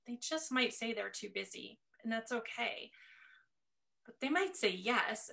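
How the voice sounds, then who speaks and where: A woman's voice: mid-range voice, vocal fry, bright, forceful tone. A woman hosting an interview podcast, talking reflectively and encouragingly as she wraps up the conversation. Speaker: podcast host. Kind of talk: casual interview chat.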